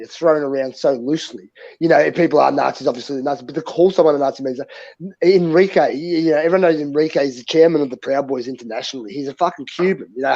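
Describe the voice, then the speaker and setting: Fast-talking gravelly Australian man. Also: on the high side, darkish tone. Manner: blunt and profane, tells stories with quoted dialogue. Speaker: co-host. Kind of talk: casual podcast banter. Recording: dull lo-fi audio.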